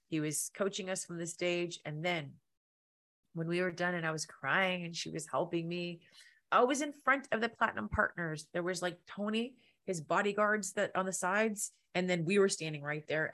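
A middle-aged woman hosting a podcast, telling a personal story in an animated way and acting out the lines of people in it. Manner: animated, acts out quotes with big pitch jumps. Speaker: podcast host.

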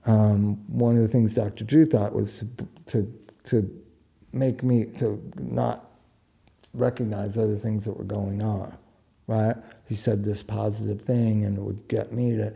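A man's voice: lowish voice, flat delivery, unhurried, gravelly, dark tone. A middle-aged man talking frankly and earnestly in casual conversation, blunt and sometimes swearing. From United States. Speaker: guest speaking about his own life. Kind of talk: candid conversational talk.

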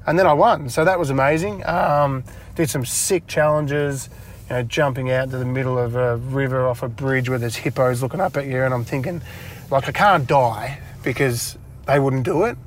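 A man's voice: mid-range voice, normal speed, slight background noise. An Australian man telling stories in a casual interview, laughing often and acting out conversations in a raised voice. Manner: chatty, laughs often, acts out dialogue in a raised voice. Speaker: interview guest, retired footballer. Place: inside a parked car.

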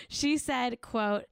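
Woman doing a snarky pop culture podcast, kinda high voice, dry close sound. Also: vocal fry, clear, resonant tone, no echo. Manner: sarcastic, mock-earnest, laughing often. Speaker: podcast host. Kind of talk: comedic pop culture commentary.

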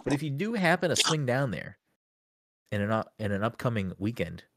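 A man's voice: medium pitch, big pitch swings, a little fast, very noisy. A man hosting a podcast in casual chat, swearing freely and rambling with restarts. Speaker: podcast host.

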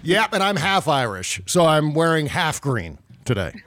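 A man hosting a casual political podcast, joking and animated with quick asides. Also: on the high side, dry recording. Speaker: podcast host.

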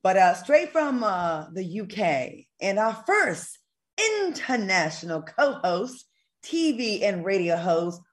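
A woman in her forties hosting a casual talk show, lively and chatty, laughing easily. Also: medium pitch, slow pace. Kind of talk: casual chat.

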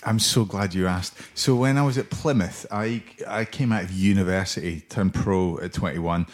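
A man's voice sits a little low as he chats about football on a podcast. He is middle-aged and talks in an animated, jokey way, laughing often and slipping into mock impressions. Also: normal speed. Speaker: podcast co-host, former footballer. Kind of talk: casual football chat.

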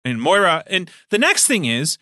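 A man talks shop about running tabletop games in an easy, chatty way. His voice is bright and forceful, and it swings up and down with energy. The sound is dry and close. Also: sits high, normal speed, dry recording. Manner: animated, laughs often. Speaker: podcast co-host and game master. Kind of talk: casual chat.

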